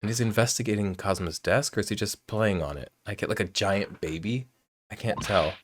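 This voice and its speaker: A loud man commenting casually on a video game, swearing and joking. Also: lowish voice, normal speed, slight background noise. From United States. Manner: loud, profane, joking asides. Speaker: let's play host.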